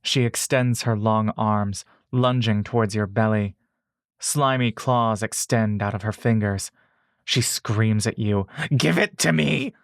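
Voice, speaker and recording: A man reading a fantasy story aloud at an unhurried pace, steady and measured. The sound is dry and close, with no room around it. He speaks to the listener as "you" throughout. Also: fairly low pitch, clean tone, no room sound. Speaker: narrator. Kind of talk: second-person audiobook narration.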